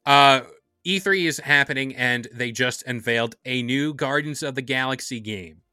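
A man hosting a casual gaming podcast, upbeat and playful, with quick asides. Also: medium pitch, bright, forceful tone, smooth, no echo, studio quality. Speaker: podcast host.

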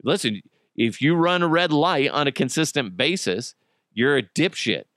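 A man hosting a casual comic podcast, swearing freely and laughing at his own jokes. His bright voice swings widely in pitch. The sound is close and dry. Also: very animated, normal speed, dry recording. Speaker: podcast host. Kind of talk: casual comedic podcast monologue.

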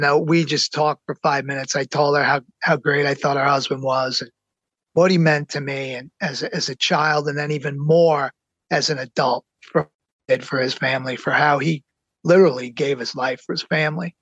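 A middle-aged man telling a personal story in an excited, earnest way, slowing down to stress the big moments. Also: fairly high pitch, no room sound. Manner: excited, earnest, slows down for emphasis. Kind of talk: personal anecdote.

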